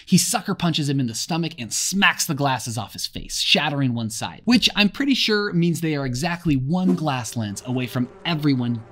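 A man's voice: medium pitch, fairly bright tone. A man giving a casual book summary for a lesson, with wry, sarcastic asides. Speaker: literature explainer for teachers and students.

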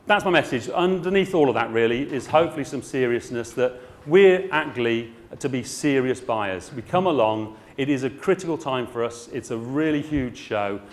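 A man's voice: medium pitch, expressive, moderate pace, few pauses. A middle-aged man who runs garden centres, speaking frankly and jokily to a trade show audience. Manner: frank, chatty and jokey, with dry asides.

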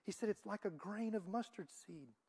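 A woman preaching a sermon in a church, moving between loud emphatic lines and soft, hushed ones. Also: medium pitch, lively intonation, normal speed, breathy edge.

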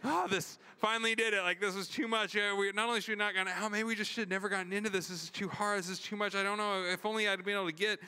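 A man's voice: high voice, steady tone, rapid-fire, hardly any pauses, pushed and bright, clean tone, voice pushed up, full character voice. A man voicing a panicked, flustered husband and father who rambles frantically.

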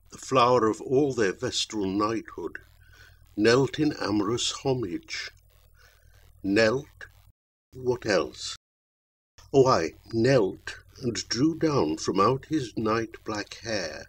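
A man reading the lines of a scheming, mocking damsel in a narrative poem, slow and insinuating. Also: medium pitch.

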